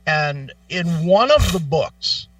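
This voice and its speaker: A man's voice: a little high, lively intonation, takes it slowly, no room sound, far from the mic, faint music behind. A man hosting a radio show, telling a profane, exasperated story in a casual rant. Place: radio studio.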